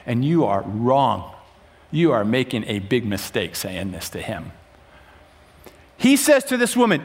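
A male preacher giving a sermon to a room full of people, swinging dramatically between loud urgency and hushed emphasis. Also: mid-range voice, very animated, measured pace, long pauses. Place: room with a congregation.

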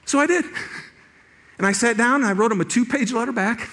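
A middle-aged male pastor giving a sermon, telling a personal story with lively restarts and laughter. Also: extremely high pitch, a little fast.

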